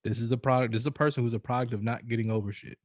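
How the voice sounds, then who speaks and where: A man's voice: mid-range voice, steady tone, very fast, dry recording, clean studio sound. Profane man preaching dating advice. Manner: loose, profane, preachy storytelling with repeated restarts. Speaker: podcast co-host. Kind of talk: casual chat giving advice.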